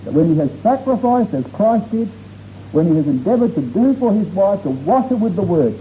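A man's voice: sits high, big pitch swings, fairly quick, mellow. A man preaching a sermon to his congregation, earnest and emphatic, drawing out key words for stress. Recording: dull lo-fi recording with faint noise.

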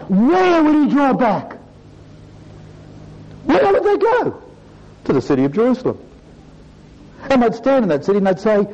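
A man's voice: on the high side, dark tone. Man preaching with a swooping cadence. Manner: rising and falling preaching cadence, repeated "brothers and sisters". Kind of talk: sermon. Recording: dull lo-fi recording.

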